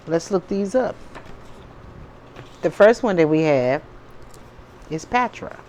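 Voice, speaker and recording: In a spiritual vlog, a tarot reader chats casually with viewers, often pausing to check in with lines like "okay?" and "you know what I'm saying?". Her mid-range voice is slow, a little mellow, and lively in intonation, with slight background noise.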